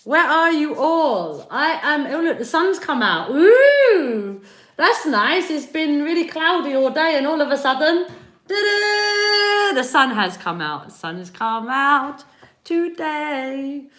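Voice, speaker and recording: Bright-voiced British woman chatting on a livestream. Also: high voice, expressive, normal speed, few pauses. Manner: chatty, greets viewers by name, laughs often. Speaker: spiritual reader and livestream host. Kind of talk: casual livestream chat. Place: home in Spain.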